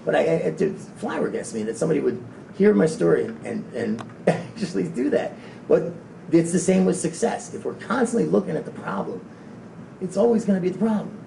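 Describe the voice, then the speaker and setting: Male motivational speaker, dark gravelly voice, rambling delivery, heard from afar in a roomy hall. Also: animated, fairly quick. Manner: rambling, stumbling over repeated words. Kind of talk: live motivational talk to an audience. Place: event room. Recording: echoey room from a distance, faint low rumble.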